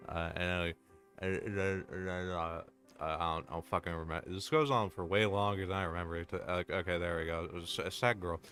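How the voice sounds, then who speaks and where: Deep-voiced man rambling over a game. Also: fairly even intonation, brisk, a bit bright, faint music behind. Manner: rambling, repetitive, crude and joking. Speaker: game streamer. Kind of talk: casual game commentary.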